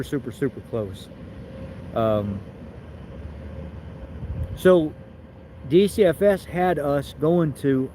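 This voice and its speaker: A man's voice: fairly high pitch, dark tone, slight background noise, low-quality recording. A man vlogging, telling a personal story in a rambling, emotional way, often repeating his words.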